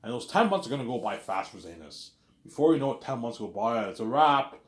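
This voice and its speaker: A man's voice: mid-range voice, lively intonation, fast talker, roomy sound. Boastful man rambling to his camera. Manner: boastful, repetitive, swears often. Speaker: vlogger. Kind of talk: rambling casual monologue to camera. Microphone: camera he sets up himself.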